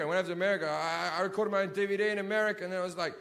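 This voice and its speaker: A male stand-up comedian performing in a large theatre, swinging between shouted rants and low mutters, with heavy swearing. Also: fairly even intonation, very fast, few pauses, crowd noise, background noise. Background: audience laughter.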